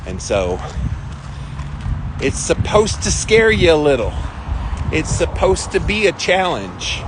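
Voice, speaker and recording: A man's voice: on the high side, big pitch swings, takes it slowly. A middle-aged man hosting a casual live stream outdoors, greeting viewers by name and chatting about his ice bath routine. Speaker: host. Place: outdoors on a windy day. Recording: wind noise on the mic.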